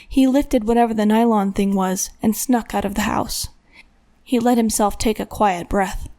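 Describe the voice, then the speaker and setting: A woman with a medium-pitched voice narrates an audiobook from a script, reading in a steady, measured way.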